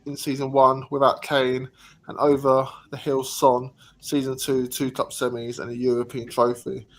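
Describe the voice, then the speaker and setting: Man host, mid pitch, hesitant, lots of "um", reads chat aloud. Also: monotone, moderate pace. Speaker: livestream host reading comments. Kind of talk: casual chat.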